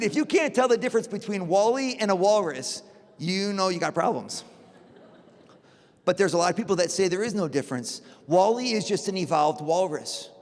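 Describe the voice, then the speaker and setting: A man, a priest, giving a lively conference talk full of rhetorical questions and acted-out dialogue. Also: high voice. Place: large conference hall. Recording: long hall reverb.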